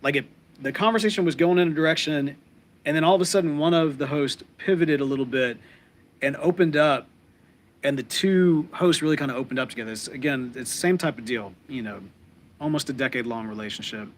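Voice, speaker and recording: A man's voice: a little high, fairly quick. Rambling, heartfelt man with a drawl. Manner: rambling and heartfelt, many fillers and restarts. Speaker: podcast co-host. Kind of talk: casual live-stream chat with viewers.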